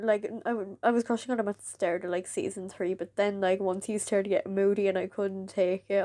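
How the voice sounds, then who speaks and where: A woman's voice: mid-range voice, no room sound, clean studio sound. A young woman chatting casually in a vlog, rambling with many "like"s. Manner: rambling, filled with "like", jumps into excited quoted voices. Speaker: vlogger. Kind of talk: casual chat to camera.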